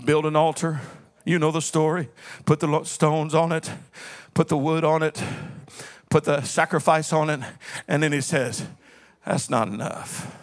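A male pastor delivering a sermon. His preaching is dramatic, swinging between shouted peaks and low, quiet passages, and he tells the story in a folksy, playful way with calls to the congregation. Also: flat delivery, normal speed.

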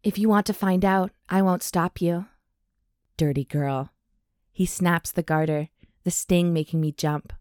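A woman's voice: fairly low pitch, fairly even intonation, darkish tone, no echo, studio quality. A woman co-hosting a podcast, chatting casually and reading a steamy romance novel aloud, lingering on the hot lines. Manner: reads steamy passages slowly with breathy emphasis, laughs often. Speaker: podcast co-host.

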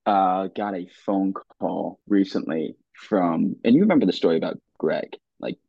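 Young male podcast guest, low voice, earnest, stop-start delivery, dry lo-fi sound. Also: creaky, breathy edge, no echo. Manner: earnest, halting with restarts. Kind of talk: casual conversation.

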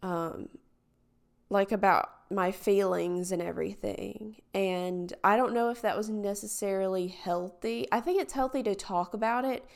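A woman's voice: mid-range voice, steady tone, unhurried, gravelly. A woman hosting a casual solo podcast, talking in a hesitant, rambling way full of fillers, candid and reflective. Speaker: podcast host.

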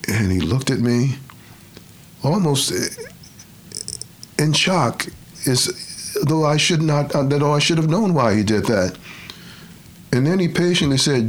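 An older man from Detroit, a retired professor, telling his life story in a measured, reflective way and acting out the quotes. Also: a little high, expressive. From Detroit, USA. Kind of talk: storytelling interview.

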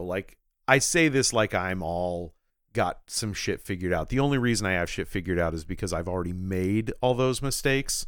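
A man co-hosting a podcast, chatting about a movie, expressive and reflective, swearing freely. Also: fairly low pitch, no echo, clean studio sound. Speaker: podcast co-host. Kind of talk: casual movie recap chat.

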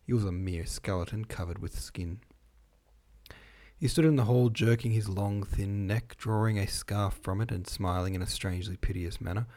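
Low, mellow man reading a novel aloud. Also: normal speed. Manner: relaxed, stumbles over long words and rereads; chatty asides between passages. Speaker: reader. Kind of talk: informal audiobook reading of a classic novel.

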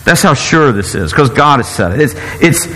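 A man's voice: medium pitch, animated, fairly bright tone. A man gives an earnest sermon in a mid-range voice, stumbling and repeating words as he works toward each thought. His voice rings out with a long reverb, as in a large church hall. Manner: earnest, halting, repeats words while searching for them. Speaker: preacher.

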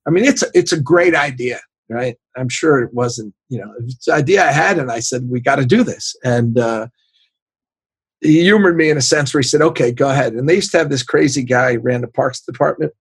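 A man in his sixties, a sports executive, telling animated anecdotes in a casual interview, acting out the voices of the people he quotes and laughing often. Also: mid-range voice, brisk, slightly rough, no room sound. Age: 60s.

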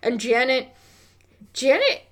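A woman co-hosting a casual podcast, reviewing a movie in a rambling, sweary, animated way. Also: sits high, slow. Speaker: podcast co-host.

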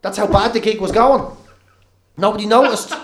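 A man's voice: high-pitched, moderate pace, echoey room. An Irish man, a comedian and radio presenter, telling swearing-laced anecdotes in casual chat. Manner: swearing, animated anecdotes, laughing. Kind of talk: casual podcast chat, storytelling.

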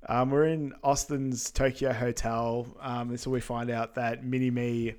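A man co-hosting a podcast, recapping a film in a relaxed, casual way full of ums and yeahs. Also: medium pitch, a little slow, clear, resonant tone. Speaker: podcast co-host.

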